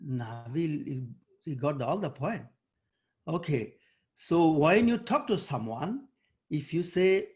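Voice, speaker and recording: A man teaching an online debate workshop over a video call. He coaches and quizzes students by name, and he often pauses and searches for words with fillers. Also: a little high, animated, darkish tone.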